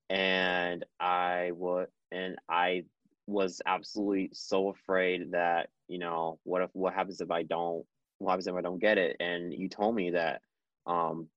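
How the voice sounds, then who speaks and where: A man's voice: low-pitched, fairly bright tone, no echo. Teen boy, student council member, rambling casual talk, dull dry recording. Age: teens. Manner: rambling, many restarts and fillers. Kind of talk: casual chat. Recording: dull lo-fi sound.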